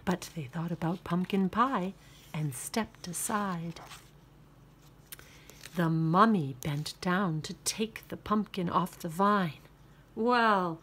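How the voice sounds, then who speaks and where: A woman reading a children's picture book aloud with expressive, sing-song narration. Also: on the low side, slow, husky. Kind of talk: storybook read-aloud.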